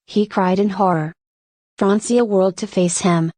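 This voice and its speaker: A woman reading a novel aloud in a steady, measured storytelling manner. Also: mid-range voice, no echo. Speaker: audiobook reader.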